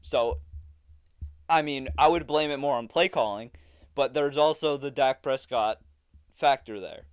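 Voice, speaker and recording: Smooth-voiced young man arguing football. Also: mid-range voice, a little slow, pauses often, no echo. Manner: laughing, argumentative. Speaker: podcast co-host. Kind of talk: casual sports debate.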